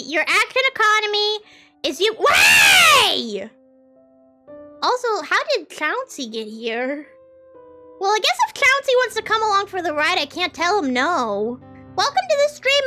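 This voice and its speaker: A woman's voice: very high voice, pushed and bright. A young woman streaming a game in casual chat, chaotic and playful, trailing off and restarting with silly bits. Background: faint music.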